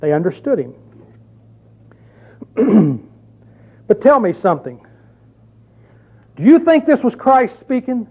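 High-voiced preacher on a tinny line. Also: male voice, big pitch swings, slow pace, long pauses, husky. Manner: emphatic, rhetorical questions, reads scripture aloud. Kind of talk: sermon. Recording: tinny phone-like recording.

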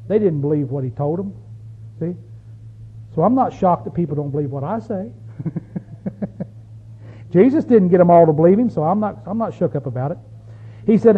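Folksy preacher guy, fairly high voice, asks the crowd questions, thin phone-ish audio. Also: slightly rough. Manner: reads scripture slowly and emphatically. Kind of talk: sermon with scripture reading. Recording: tinny, phone-like recording.

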